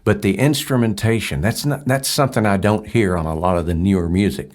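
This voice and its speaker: A man's voice: on the low side, fairly quick. A man hosting a casual radio interview, speaking enthusiastically and praising his guests.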